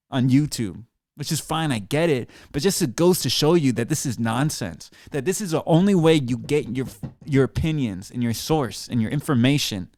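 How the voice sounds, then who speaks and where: A man's voice: a little high, a little mellow, no echo, clean studio sound. Heated, mocking man ranting at camera. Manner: heated, mocking, swears a lot. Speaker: drummer streaming a rant. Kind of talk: profane sarcastic rant to camera. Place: small studio room. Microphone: computer mic while seated.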